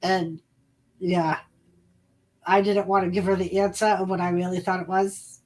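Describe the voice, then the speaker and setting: A woman's voice: on the low side, flat delivery, a little mellow, low-quality recording. A woman hosting a casual livestream chat from her room at home, telling stories in a loose, profane way. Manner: unhurried, profane storytelling.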